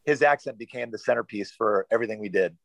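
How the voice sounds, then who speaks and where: A man's voice: lowish voice, fast talker, creaky, no room sound, low-quality recording. A man chatting as a podcast guest, rambling and self-deprecating with lots of fillers. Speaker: guest actor. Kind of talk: casual podcast chat.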